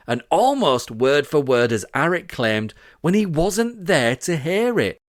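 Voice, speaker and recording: A man's voice: on the high side, sing-song, measured pace, hardly any pauses, dry recording, clean studio sound. A man from Britain hosting a scripted podcast, reading out witness quotes with sarcastic, indignant asides. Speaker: podcast host.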